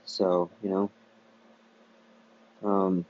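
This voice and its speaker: A man's voice: low-pitched, little pitch movement, drawn-out words. A man hosting a solo podcast, ranting in a profane, repetitive way and often restarting his sentences. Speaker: podcast host. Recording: dull lo-fi recording.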